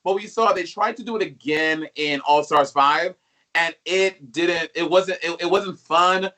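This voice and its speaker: A man chatting as a guest, animated and gossipy, laughing often. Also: on the high side, measured pace. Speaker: guest, drag performer. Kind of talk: casual chat.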